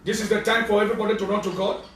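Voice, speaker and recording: A man with a Nigerian accent preaching a fervent sermon, often shouting as he preaches. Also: high-pitched, little pitch movement, very fast, a little hiss or hum. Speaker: prophet preacher. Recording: very echoey, from far off.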